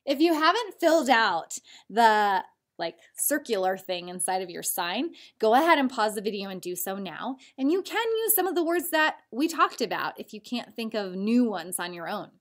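A woman teacher giving a recorded spelling lesson to children, patiently sounding out words slowly so they can clap along. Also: mid-range voice, big pitch swings.

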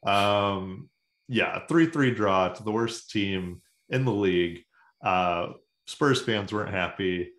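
A man's voice: fairly low pitch, slow pace, a bit bright, reverberant. A man co-hosting a soccer podcast, chatting casually with sarcastic, jokey asides. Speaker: podcast co-host. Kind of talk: casual sports chat.

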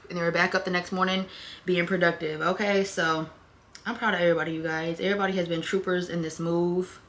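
A woman's voice: on the low side, sharp tone. A young woman vlogger chatting casually, rambling from story to story with loose slang. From Michigan, USA. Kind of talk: casual chat.

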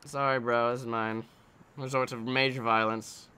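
A man's voice: mid-range voice, little pitch movement, moderate pace, pushed and bright, clean tone. A man giving casual let's-play commentary while he games, rambling, joking and swearing. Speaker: gameplay commentator.

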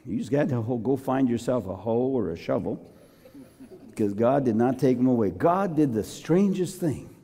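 A man's voice: medium pitch, expressive, moderate pace, mellow. A man preaching a sermon, theatrical and joking as he tells a story. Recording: long reverb of a large hall.

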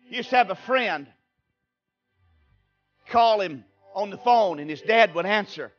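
High-voiced man preaching slowly. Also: lively intonation, muffled recording, soft background music. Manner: fervent preaching, swinging from quiet asides to shouted exclamations. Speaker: pastor. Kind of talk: Easter sermon. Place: church sanctuary.

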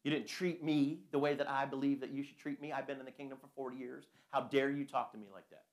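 A man's voice: medium pitch, steady tone, fast, close to an everyday voice. A man voicing a whiny, stubborn adult who refuses any correction, mocking and petulant. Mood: indignant.

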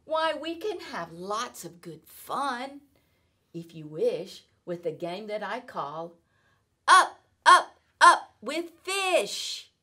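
A woman's voice: mid-range voice, lively intonation, takes it slowly, a bit bright. A woman voicing a playful, show-off male cat from a children's storybook, in a sing-song, exaggerated read-aloud manner. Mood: boastful.

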